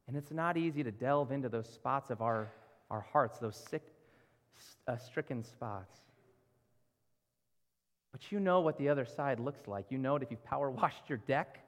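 A man preaching a sermon as pastor, earnest, asking pleading rhetorical questions of his congregation. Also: on the high side. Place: church sanctuary. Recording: reverberant church hall.

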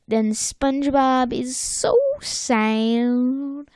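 A woman's voice: sits high, steady tone, very slow, a little mellow, dry recording, clean studio sound. A woman in casual chat recapping a cartoon episode, playful and given to acting out quotes. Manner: playful, sings along and acts out quotes.

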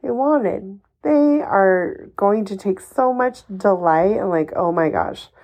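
A woman's voice: mid-range voice, animated, slow, a little mellow, lo-fi sound. A woman hosting a solo advice podcast, talking in an emphatic, encouraging and somewhat ranty way, swearing casually. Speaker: podcast host.

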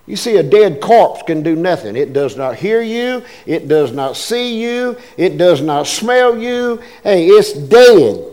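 A man's voice: fairly high pitch, darkish tone, big-room sound. A man preaching a sermon as pastor, folksy and emphatic, often calling out to his congregation.

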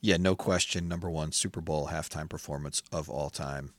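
Man, podcast co-host, casual chat, animated storyteller, deep voice, dry sound. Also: normal speed, no echo. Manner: animated storytelling, laughs often.

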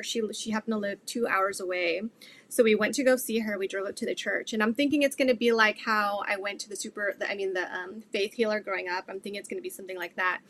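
A woman's voice: medium pitch, fast, a bit bright, a little hiss or hum. A middle-aged woman earnestly telling her faith testimony in an interview, rambling with many fillers. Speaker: guest sharing her testimony.

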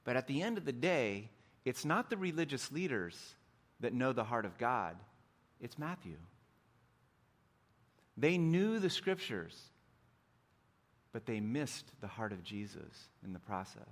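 This middle-aged pastor speaks in a mid-range voice, very animated yet a little slow, with long pauses. Preaching a sermon in church, he keeps things joking and conversational, often poking fun at himself.

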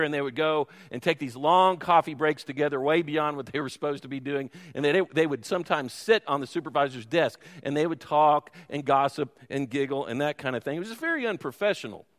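A man's voice: fairly high pitch, brisk, few pauses. A man preaching a sermon as pastor, telling a story and making self-deprecating asides to the congregation. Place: church sanctuary. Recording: long hall reverb.

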